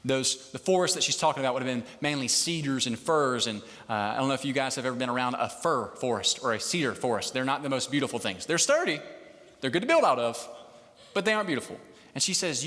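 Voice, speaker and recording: Delivering a chatty, joking sermon at a live service in a big hall, this pastor keeps checking in with the crowd. His medium-pitched, fairly bright voice moves fast with lively intonation, and the recording carries a long hall reverb.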